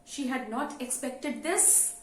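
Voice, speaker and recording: High-voiced woman teaching in a roomy space. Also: lively intonation, takes it slowly, slight background noise. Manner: conversational, frequent "you know" fillers. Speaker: English teacher. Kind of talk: explaining a story to students. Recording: roomy with faint ambience.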